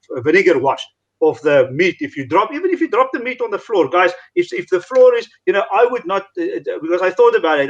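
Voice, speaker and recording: Male expert from South Africa, higher register, hesitant and repetitive, on a muffled lo-fi recording. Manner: halting, repeats words and restarts often. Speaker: meat curing expert. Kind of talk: explanatory interview talk. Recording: dull lo-fi recording.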